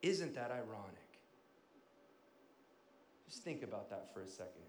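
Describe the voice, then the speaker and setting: A male pastor preaching a sermon, swinging from loud emphasis down to quiet, hushed asides. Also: lowish voice, sing-song, measured pace, echoey room.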